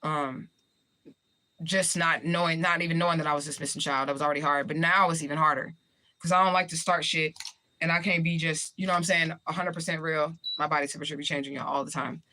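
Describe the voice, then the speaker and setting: A woman's voice: low voice, fairly even intonation, quick pace, pushed and bright, slight background noise. A woman chatting casually on her livestream, reading viewer comments aloud and answering them in a blunt, profane way. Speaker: livestream host.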